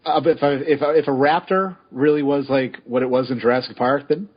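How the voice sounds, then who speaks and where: A man co-hosting a podcast in casual chat, quick, playful and easily amused. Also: medium pitch, steady tone, breathy edge. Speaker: podcast co-host. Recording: dull lo-fi podcast audio.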